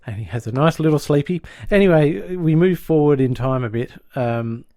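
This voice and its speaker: A man co-hosting a podcast, recapping a sitcom plot in lively casual chat and dropping into quick voices for the characters. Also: a little high, no room sound, clean studio sound. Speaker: podcast co-host.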